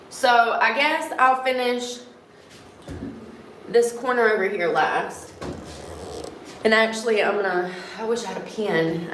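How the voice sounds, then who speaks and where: Clearing out a room ahead of painting, a vlogger rambles on her livestream in a medium-pitched voice, a bit breathless and sniffly. She talks to her viewers and to herself, dropping light swears. The indoor room echoes, and a little hiss sits underneath.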